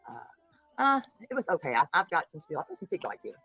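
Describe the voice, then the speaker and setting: Hosting a livestream commentary show, a woman speaks fast in a fairly low, husky, slightly bright voice with huge pitch swings. She greets viewers by name, blunt and indignant, on a dry, rough recording with faint music behind her.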